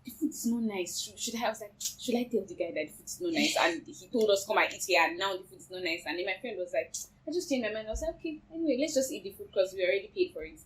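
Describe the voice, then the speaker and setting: Fast-talking Nigerian young woman. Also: medium pitch, a little hiss or hum, rough recording. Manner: lively, laughing, quotes herself and others. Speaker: co-host. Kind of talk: casual storytelling.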